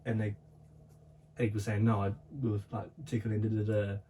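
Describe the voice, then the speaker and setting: A man's voice: lowish voice, level tone, moderate pace, dark tone, far from the mic, a little hiss or hum. A young man co-hosting a casual podcast, telling stories in a rambling way with lots of fillers and restarts. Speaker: podcast co-host. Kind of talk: casual chat.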